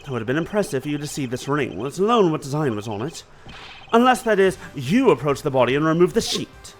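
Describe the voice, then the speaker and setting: A man reading a calm, calculating male prosecutor who questions a witness in a measured, quietly confident way. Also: slight background noise. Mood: coolly probing. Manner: measured, quietly confident, lower and softer than his own voice.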